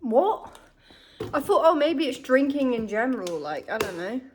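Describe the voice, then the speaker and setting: A woman's voice: a little high, brisk, slight background noise. Chatty young woman vlogging through pain. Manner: chatty and candid, swearing, animated asides. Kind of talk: casual vlog chat.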